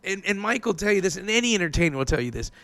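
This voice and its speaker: A man, a stand-up comedian guest, telling excitable, profane stories in casual podcast chat. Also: sits high, dry recording. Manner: fast, profane, excitable storytelling.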